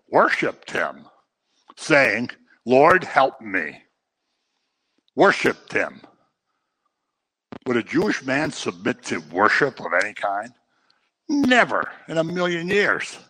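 A man preaching a sermon, swinging between loud emphasis and quiet asides. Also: medium pitch, wildly swooping pitch, takes it slowly.

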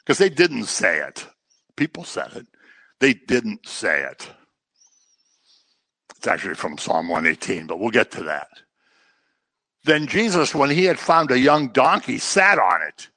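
A man's voice: medium pitch, big pitch swings, a little slow, pauses often, sharp tone, dry recording. A man teaching through a Bible passage verse by verse, conversational and explanatory with humorous asides.

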